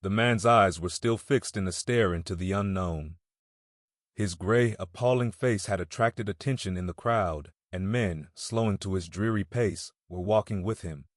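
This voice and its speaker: Man, audiobook narrator, low voice, dry close sound, measured reading. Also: no echo. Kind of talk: audiobook reading of a classic novel.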